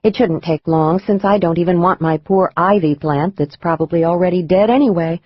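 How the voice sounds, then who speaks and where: A male audiobook narrator voicing a relieved young woman who speaks softly and firmly. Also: fairly high pitch, normal speed, no room sound, muffled recording, close to an everyday voice.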